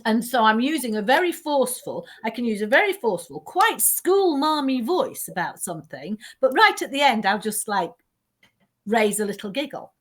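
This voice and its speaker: A woman trainer talking things through in a relaxed conversation. Her voice sits fairly high and swings widely in pitch. She tells her points like stories, laughs easily and doubles back mid-sentence. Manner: animated, self-interrupting storyteller who laughs often. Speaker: teaching trainer. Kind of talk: conversational explanation.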